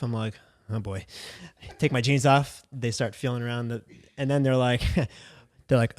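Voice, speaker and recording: A man's voice: medium pitch, fairly even intonation, normal speed. A young man hosting a podcast, telling a crude story in a casual style and often laughing through it. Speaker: podcast host.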